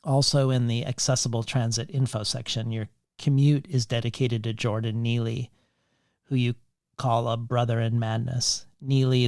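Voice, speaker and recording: A man hosting a literary podcast interview, speaking in measured, long questions that weave in quoted lines and figures. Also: mid-range voice, darkish tone, no room sound, studio quality. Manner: measured, reads quotations and statistics in long questions. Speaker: podcast host.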